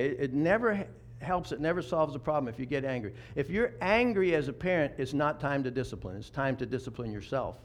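A man in his fifties preaching a sermon in a conversational way, often restarting and repeating words. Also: mid-range voice. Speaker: pastor.

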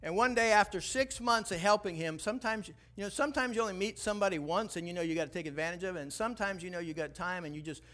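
Older guy preaching, high voice, tells stories, acts out all the dialogue, gets loud. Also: fast, hardly any pauses. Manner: animated storyteller, acts out dialogue, rises to loud exhortation. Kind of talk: sermon storytelling.

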